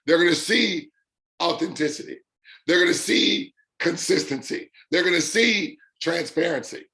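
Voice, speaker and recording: A man hosting a live talk for his online business community, emphatic and repeating points in punchy lists, with drawn-out stresses on key words. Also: on the high side, bright, forceful tone.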